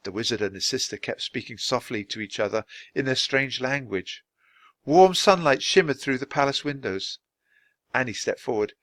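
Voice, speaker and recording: A man reads a children's chapter book aloud at a slow, deliberate pace for learners. His voice sits in a middle pitch. The recording is dry and close. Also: expressive, fairly bright tone, no room sound. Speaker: storybook reader.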